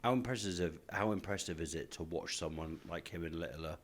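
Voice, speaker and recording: Man, lowish voice, friendly sports interviewer, jokey, casual questions. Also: a little fast. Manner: chatty, matey, jokey. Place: stadium media day.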